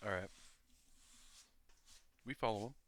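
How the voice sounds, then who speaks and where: A man's voice: on the low side, takes it slowly. A man playing a tabletop game, chatting in a laid-back, joking way. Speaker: player. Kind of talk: casual tabletop play.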